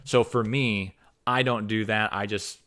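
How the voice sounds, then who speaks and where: Rambling man, low voice. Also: fairly even intonation, measured pace, fairly bright tone. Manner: rambling, many restarts and fillers. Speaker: fantasy author. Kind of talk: casual opinion monologue.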